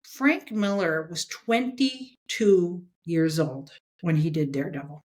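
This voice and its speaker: A woman's voice: lowish voice, takes it slowly, a little mellow. A woman talking bluntly and emphatically as a guest in a casual interview, often checking in with "okay?". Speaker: comics editor and guest.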